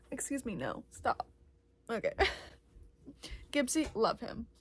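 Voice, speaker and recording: A woman's voice: fairly high pitch, sing-song, extremely slow, slightly rough. A young woman chatting casually about a book she is reading, laughing often and gushing, recorded on her phone. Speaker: book vlogger. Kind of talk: casual reading vlog chat.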